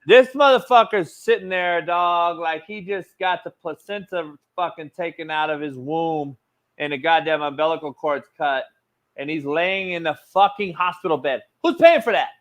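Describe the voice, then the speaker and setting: A man's voice: fairly high pitch, normal speed. Heated, profane man hosting a talk show. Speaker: sports show host. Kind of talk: casual talk-show rant.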